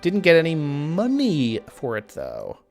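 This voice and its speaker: A young man chats through a live game stream, thinking aloud and restarting his sentences with plenty of ums. He speaks slowly, and his pitch swings widely. Soft game music plays quietly underneath. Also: wildly swooping pitch, vocal fry. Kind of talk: casual live-stream commentary.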